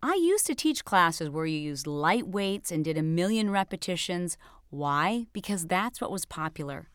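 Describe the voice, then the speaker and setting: A woman's voice: fairly low pitch, big pitch swings, normal speed, fairly bright tone, clean tone, no room sound, clean studio sound. A woman fitness instructor giving a scripted motivational coaching talk, emphatic and direct as she speaks straight to the viewer.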